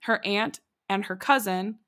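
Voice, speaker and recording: Chatty giggly podcast co-host woman, mid-pitched, lots of filler. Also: measured pace, bright, forceful tone. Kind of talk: casual chat recapping a TV show.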